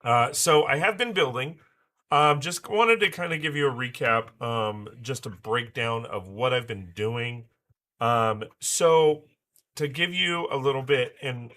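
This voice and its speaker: A man hosting a casual livestream, chatty and loose with many fillers, his voice slightly raspy from being sick. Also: medium pitch, unhurried, bright, forceful tone. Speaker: livestream host.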